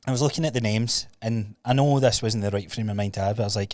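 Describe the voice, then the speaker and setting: A man's voice: on the low side, fast, few pauses, a little mellow, no echo. A young Scottish man, a podcast guest, chatting casually and swearing easily. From Scotland. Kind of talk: casual chat.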